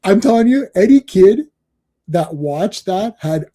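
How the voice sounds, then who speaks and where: A male stream host chatting casually, rambling along with frequent laughs and loose swearing. His voice sits fairly high for a man but sounds dark and mellow in tone. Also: lively intonation, measured pace. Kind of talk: casual chat on a live stream.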